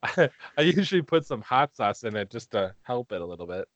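A man's voice: mid-range voice, big pitch swings, fairly quick, fairly bright tone, no room sound. Playful man, laughs a lot. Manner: playful, laughs often, needles his friend. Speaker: podcast co-host. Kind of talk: casual chat.

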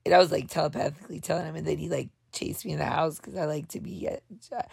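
A woman hosts her own show with a gravelly voice, recorded dry and close. She rambles through a comic monologue in an over-the-top, dramatic way, leaping from one thought to the next. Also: sits low, steady tone, a little mellow, no echo. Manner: talks fast, jumps between thoughts. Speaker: show host.

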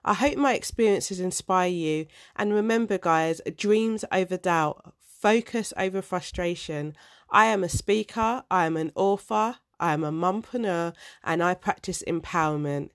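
A woman recording a motivational podcast promo in a measured way. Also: fairly low pitch, no echo, studio quality. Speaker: speaker and author.

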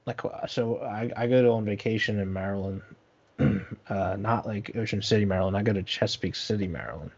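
A man's voice: on the low side, brisk, husky, dull audio. A young man telling a long story in casual chat, rambling and profane, full of fillers.

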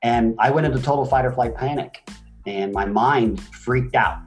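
A man in his forties speaks as an interview guest, his voice pitched in a middle range. He tells his stories with emphatic energy that rises and falls. Faint music plays beneath him. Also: normal speed. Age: 40s. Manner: animated, emphatic storytelling with swings in energy. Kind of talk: motivational interview talk.

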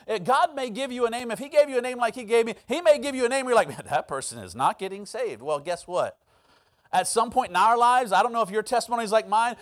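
Preaching a sermon, a pastor tells a personal story and acts out the voices within it. He speaks in a high-pitched, fairly bright voice.

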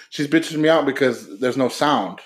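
A young man co-hosts a podcast, chatting casually and telling stories in a laid-back way while swearing freely. He speaks a little slowly in a mid-range voice.

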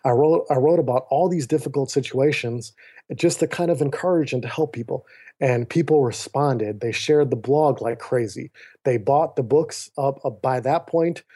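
A man's voice: mid-range voice, moderate pace, breathy edge. A man, a podcast guest, telling a personal story in conversation. He acts out the voices of others in his dialogue and often turns to the host by name. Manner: animated storyteller who acts out quoted dialogue; often addresses the host by name mid-sentence. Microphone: remote call.

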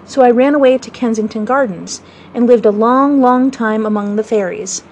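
Storybook boy who won't grow up: passionate, cocky, lightly high-pitched, read by a woman. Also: normal speed, a little mellow, a little hiss or hum, close to an everyday voice. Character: eager boastful boy who never grows up.

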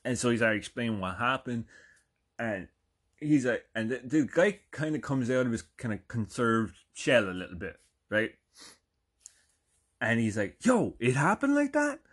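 A man's voice: fairly low pitch, breathy edge. An Irish man in his thirties telling a rambling, profane story and checking in with "right?" often. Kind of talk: casual anecdote.

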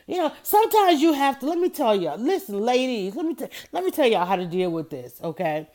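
A woman talking straight to her listeners in a casual opinion monologue, animated and emphatic. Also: fairly high pitch, fairly quick, few pauses. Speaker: commentator.

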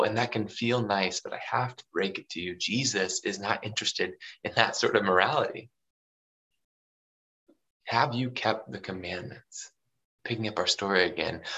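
A man's voice: lowish voice, normal speed, pushed and bright, rough recording. A man preaching a sermon in a loose, conversational way, often checking in with the listener. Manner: conversational, full of fillers like "you know" and "right".

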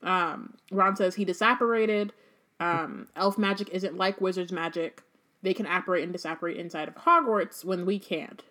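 A woman's voice: on the low side, moderate pace, pushed and bright. A woman co-hosting a podcast, casually summarizing a book chapter in a loose, chatty way. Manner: chatty, loose, frequent "um" and asides. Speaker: podcast co-host.

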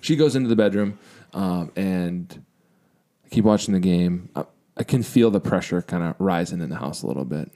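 Deep gravelly man telling a story. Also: expressive, normal speed. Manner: candid, self-deprecating, drops to a quiet reflective tone. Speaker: podcast co-host. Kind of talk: casual storytelling.

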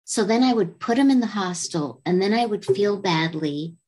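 A woman's voice: mid-range voice, animated, moderate pace, darkish tone, husky. A woman actress guest on a podcast, telling a personal story in a candid, rambling way and acting out what people said. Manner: candid, rambling, laughs often, acts out quotes. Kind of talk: casual storytelling chat.

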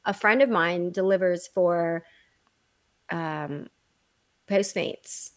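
A woman co-hosting a casual chat, telling stories in an animated, dramatic way with blunt asides and swearing. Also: lowish voice, takes it slowly.

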